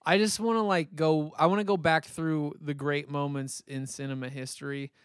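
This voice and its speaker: A man's voice: a little high, steady tone, normal speed, clean tone, no echo, studio quality. Playful male podcast co-host. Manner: playful, jokey, slips into silly voices. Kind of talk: casual movie chat.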